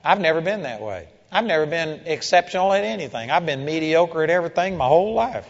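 Guy preaching a sermon, kinda high voice, long hall reverb, dull muffled sound, gets loud and punchy. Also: lively intonation, quick pace, creaky. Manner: storytelling preacher, builds to loud emphatic peaks. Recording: dull, echoey hall recording.

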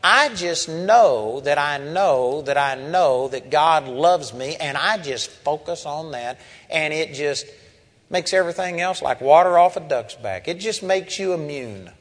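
A man's voice: fairly high pitch, lively intonation, unhurried, a bit bright. An older man preaching a sermon, telling a story and building to impassioned outbursts. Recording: hall reverb.

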